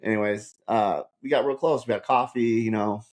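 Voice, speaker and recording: A man, a paranormal investigator guest on a podcast, telling stories in an animated way with many repeated words. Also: fairly low pitch, moderate pace. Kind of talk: casual podcast conversation.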